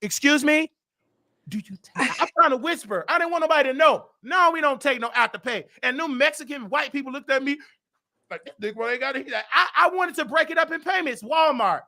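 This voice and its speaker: Brash, high-voiced trash-talking man. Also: lively intonation. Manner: brash, rapid, trash-talking, shouts often. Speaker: host. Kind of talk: loud gossip commentary.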